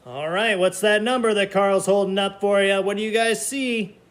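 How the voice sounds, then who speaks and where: In a high-pitched, fairly bright voice at a measured pace, a male kindergarten teacher leads a counting lesson for students learning from home. His manner is cheerful and patient, with sing-song counting throughout.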